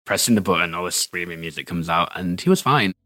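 Deep-voiced loud Yorkshire man. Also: fast, no echo, studio quality. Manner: loud, animated, camp, laughing. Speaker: interviewee. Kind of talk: candid storytelling.

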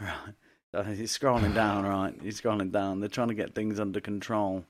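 A man's voice: lowish voice, fairly even intonation, normal speed, no room sound. A man co-hosting a casual podcast, reading odd news stories aloud, swearing, laughing often and calling his co-host "mate".

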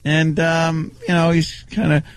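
A man co-hosting a radio show, trading wry, halting remarks about a colleague. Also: a little high, little pitch movement, no echo. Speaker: radio co-host. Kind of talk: casual radio banter.

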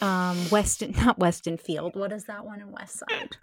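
A woman in her thirties hosting a podcast, chatting casually with quick reactions and self-deprecating asides. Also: medium pitch, fairly even intonation, no echo, clean studio sound. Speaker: podcast host. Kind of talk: casual chat.

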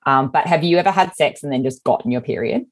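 A woman's voice: low-pitched, lively intonation, fast. A woman with an Australian accent co-hosting a podcast, talking frankly and with animation, often restarting her sentences. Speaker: podcast co-host. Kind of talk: casual chat.

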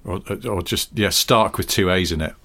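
Low-voiced man riffing dryly. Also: moderate pace, a bit bright. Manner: dry, whimsical riffing. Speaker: podcast co-host. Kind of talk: casual comedic chat.

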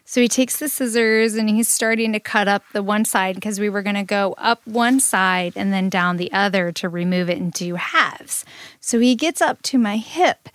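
A woman co-hosting a podcast, telling a story in a lively casual way and laughing often. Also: mid-range voice, moderate pace, smooth, dry recording. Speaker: podcast co-host.

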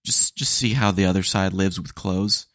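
Deep-voiced man rambling casually. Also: fairly even intonation, moderate pace, fairly bright tone, no echo, clean studio sound. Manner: rambling and candid, drops in "dude" and jokes. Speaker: podcast host. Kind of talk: casual solo podcast chat.

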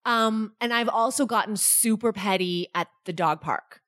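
A young woman co-hosting a casual chat, telling animated stories, swearing freely and acting out what people said. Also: mid-range voice, normal speed. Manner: animated storyteller, swears freely, acts out quotes in raised voice.

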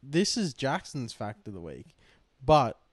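A man's voice: mid-range voice, sing-song, a little slow, no room sound. A man co-hosts a casual podcast chat in an ordinary middle-range voice. He rambles, fills gaps with "like" and swears freely. The recording is dry and close, with no room sound. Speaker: podcast co-host.

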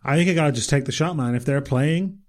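Fast-talking joking man co-hosting a podcast. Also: a little high. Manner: quick, joking, casual. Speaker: podcast co-host. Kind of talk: casual podcast chat.

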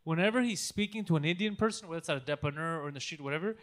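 A man's voice: on the high side, racing. A man co-hosting a podcast, telling stories in casual chat and acting out the people he quotes. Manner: loud storytelling, acts out the people he quotes. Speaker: podcast co-host.

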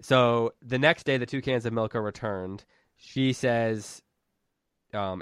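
A man co-hosting a casual book discussion, thinking aloud in a relaxed way. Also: medium pitch, takes it slowly, clear, resonant tone, no echo, clean studio sound. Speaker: podcast co-host.

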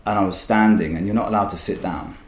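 A man's voice: on the low side, fast, roomy sound. A man casually telling stories as a podcast guest, rambling and swearing freely. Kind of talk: casual storytelling.

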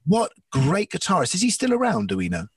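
A man's voice: high voice, wildly swooping pitch, a little fast, slightly rough, no echo, clean studio sound, recorded from a distance. A man hosting a podcast, asking a guest enthusiastic questions. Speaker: podcast host. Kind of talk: interview questions.

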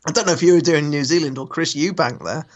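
A man co-hosting a podcast in easy, casual chat. He sounds relaxed and amused, with the odd loose restart as his thoughts wander. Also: on the high side, fast talker, muffled recording. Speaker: podcast co-host.

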